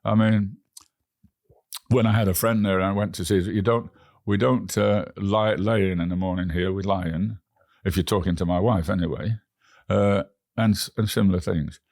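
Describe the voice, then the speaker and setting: A man's voice: low-pitched, steady tone, normal speed, creaky, darkish tone, no room sound, clean studio sound. A man with an English accent, a guest telling rambling travel stories in an interview, often restarting his words. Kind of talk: anecdotal storytelling.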